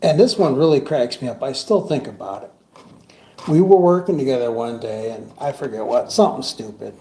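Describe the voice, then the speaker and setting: A man's voice: medium pitch, animated, fairly quick, dark tone. A man telling laughing, jokey stories about a coworker at a funeral service. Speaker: coworker giving a eulogy. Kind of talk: storytelling eulogy at a funeral. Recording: roomy hall with clear background noise.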